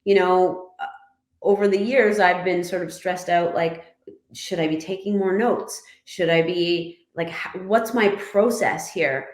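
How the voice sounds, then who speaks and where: A woman from Canada, a podcast guest, telling stories in a lively, animated way and laughing often. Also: fairly low pitch, a little slow. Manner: animated storyteller, laughs often, voices others in her anecdotes. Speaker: guest, former motorcycle racer and writer. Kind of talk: casual podcast storytelling. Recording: roomy, echoey room.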